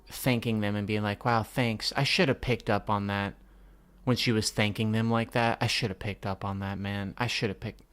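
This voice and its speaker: A man's voice: mid-range voice, fairly bright tone. A man reading a comic aloud and reacting as he goes. He talks casually, swears often and sighs between thoughts. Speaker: manga reader reacting. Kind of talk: live reading reaction commentary.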